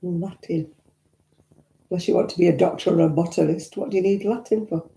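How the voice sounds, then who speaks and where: A woman's voice: lowish voice, steady tone, fairly quick, vocal fry, warm tone. An older woman with a Northern English accent, chatting casually and reminiscing while answering viewer comments, with blunt asides. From Northern England. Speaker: vlogger host. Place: indoors at home. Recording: echoey room.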